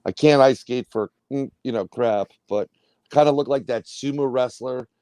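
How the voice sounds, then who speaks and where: A man's voice: medium pitch, moderate pace, dark tone, smooth, dry recording. A man guesting on a radio panel, chatting in a jokey, easygoing way. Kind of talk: casual roundtable chat.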